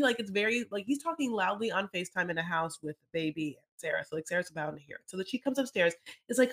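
A woman co-hosting a casual podcast, recapping reality TV with lots of filler words and quick asides. She keeps slipping into voices to act out the people in each scene. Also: mid-range voice. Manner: animated, acts out scenes in voices. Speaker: podcast co-host.

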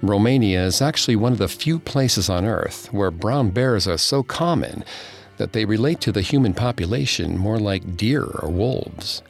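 A man giving slow, grave, hushed scripted narration of a dark true story. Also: lowish voice, lively intonation, vocal fry. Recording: faint music behind.

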